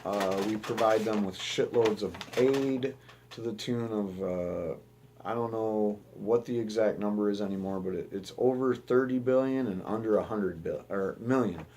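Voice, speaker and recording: A young man from the United States talks through the news in a loose, rambling way, with plenty of cursing and restarted sentences. His voice sits a little low. He sounds like the host of his own commentary show. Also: moderate pace, darkish tone, slight background noise. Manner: profane, rambling, with restarts and fillers.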